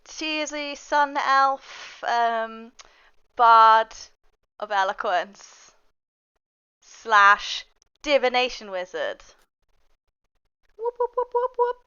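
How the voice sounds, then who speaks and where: A woman's voice: sits high, sharp tone, clean tone, lo-fi sound. A woman playing in a tabletop game, chatting in a bubbly, playful way. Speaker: player. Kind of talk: casual chat at a game table.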